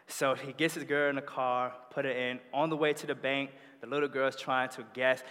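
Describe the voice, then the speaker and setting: A man preaching a sermon, telling stories in an animated way that builds in energy. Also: medium pitch, normal speed, hardly any pauses. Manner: animated storytelling with rising energy. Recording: long hall reverb.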